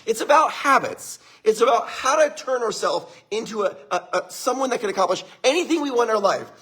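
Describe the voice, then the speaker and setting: A man, hoarse from losing his voice, giving an upbeat motivational talk as host at a winery. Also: extremely high pitch, animated, a little fast, a bit bright. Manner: enthusiastic, addresses listeners as guys. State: hoarse, voice partly lost.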